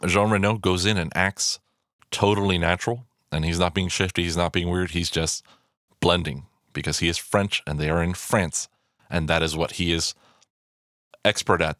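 A man with a deep, low voice rambles through a film breakdown in a loose, casual way. He swears freely and trips over fillers and restarts. The recording is dry and close, with no room sound. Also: fairly bright tone, no echo. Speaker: film commentator.

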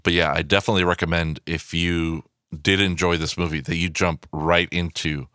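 A man in his thirties hosting a podcast, talking in an excitable, rambling way, swearing a lot and going off on asides. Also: extremely low pitch, dry recording, clean studio sound. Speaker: podcast host. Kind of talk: casual podcast monologue. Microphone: podcast microphone.

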